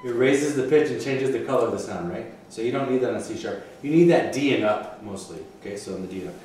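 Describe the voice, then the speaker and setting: A man's voice: medium pitch, quick pace, loud music behind the voice. Encouraging male clarinet teacher, echoey room. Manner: encouraging, counts aloud and sings phrases. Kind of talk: one-on-one music lesson. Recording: echoey room from a distance, faint noise.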